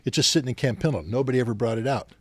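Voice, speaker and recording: A man's voice: medium pitch, very fast, breathy edge, dry recording. A man in his sixties, a podcast guest, telling anecdotes with animation and acting out the officers he quotes. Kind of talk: storytelling in a podcast interview.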